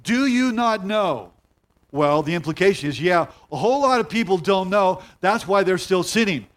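A middle-aged male pastor with a fairly high voice preaches a sermon. He leans hard on key phrases, says them twice, and drags out single words for weight. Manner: emphatic, repeats key phrases, slows to stress words.

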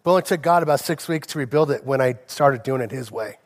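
A man's voice: mid-range voice, fast, a little hiss or hum. A man in his forties, a pastor preaching a sermon, telling personal stories and building to impassioned preaching.

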